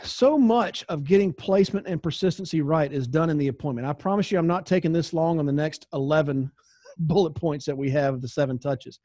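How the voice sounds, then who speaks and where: A man with a Southern accent trains insurance agents in a relaxed, conversational way. His voice sits a little high, and he slips into acted-out exchanges with clients. The recording is dry and close. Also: fairly quick, no echo. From American South. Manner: conversational, acts out client dialogues. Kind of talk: sales training talk.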